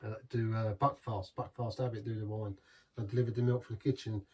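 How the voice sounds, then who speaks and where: A man's voice: lowish voice, flat delivery, brisk, husky, far from the mic. An English man hosting a casual beer review, rambling and waffling with chuckling asides. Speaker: beer reviewer, channel host.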